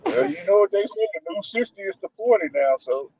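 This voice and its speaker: A man's voice: sits high, a little fast. A man in a casual live-stream chat, telling funny stories with lots of laughter and slang. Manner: animated, laughing storyteller with Southern slang. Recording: muffled lo-fi stream audio.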